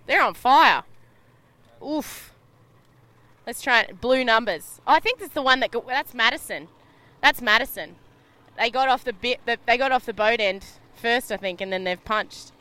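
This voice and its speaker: A woman's voice: fairly high pitch, moderate pace, sharp tone, no echo. A young Australian woman doing chatty, laughing live sailing-race commentary from a boat at sea. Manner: bubbly, laughs often, chatty.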